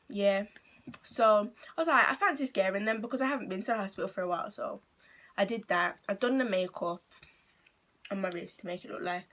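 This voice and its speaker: A teenage girl with an English accent telling a casual storytime on her channel, rambling and full of fillers. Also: medium pitch. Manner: chatty, rambling, full of "like" and restarts. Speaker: vlogger.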